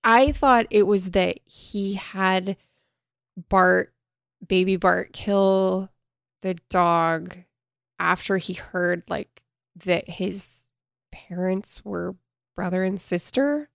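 Woman co-host, vocal fry, blunt, recorded dry and close. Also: mid-range voice, extremely slow, no echo. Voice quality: blunt and emphatic. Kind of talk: casual chat about a book.

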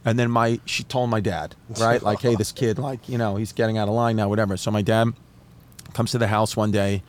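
A man's voice: on the low side, a little fast. A man from New York, a comedian guesting on a podcast, telling a story in a casual, profane way and acting out the other people in it. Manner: animated, profane, acts out quotes in other voices.

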